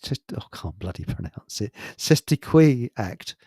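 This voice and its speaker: A man's voice: mid-range voice, very animated, moderate pace, dark tone, breathy edge, no echo, studio quality. A man with a Hertfordshire accent chatting casually as host, rambling, chuckling often and trailing off mid-sentence. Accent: Hertfordshire English. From England. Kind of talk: casual chat.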